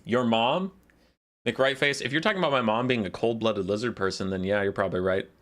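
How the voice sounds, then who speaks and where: A man casting a live strategy game match, calling the action in quick play-by-play and joking with his chat. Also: on the low side, fairly bright tone. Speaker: esports caster.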